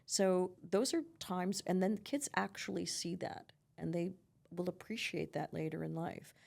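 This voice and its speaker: A middle-aged woman with a fairly low, gravelly, slightly mellow voice speaks a little slowly as a psychotherapist guest on a conversational podcast. She gives earnest advice, sprinkling in "you know" and "right?" often.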